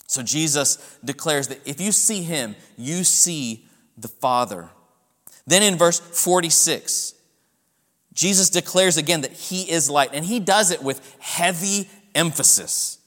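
A man preaching a sermon in a church, his voice sitting high. He presses his points with strong, rising emphasis. A long reverb trails each phrase. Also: a bit bright. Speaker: pastor.

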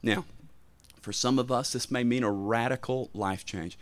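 A pastor preaching an impassioned sermon. He repeats his points with emphasis and his voice suddenly swells in loudness. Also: medium pitch, normal speed, dry recording.

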